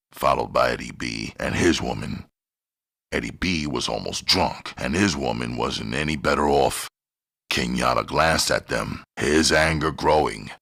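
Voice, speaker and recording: Audiobook reader: man, extremely low and gravelly, bright-edged tone, steady delivery. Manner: steady, plain reading with gritty dialogue. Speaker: audiobook narrator. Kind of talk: scripted narration.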